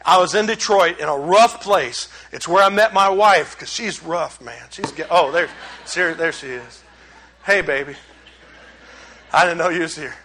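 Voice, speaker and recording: Brief: man, middle-aged pastor, lively humorous sermon delivery, high bright voice. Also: a little slow, a little hiss or hum. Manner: animated, conversational preaching with humor. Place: church sanctuary.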